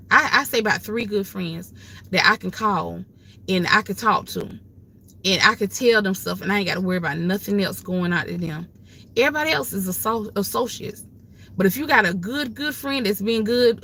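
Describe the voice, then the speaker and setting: Her medium-pitched voice has a sharp tone and vocal fry as this older woman with grandchildren hosts a livestream. She's casual, giving emphatic advice in a folksy, preachy style.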